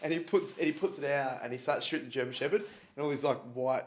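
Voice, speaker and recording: A man's voice: mid-range voice, fast, a crowd in the background. A man in casual podcast chat who teases, asks questions and tells loose stories. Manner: teasing, questioning, storytelling. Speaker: podcast co-talker.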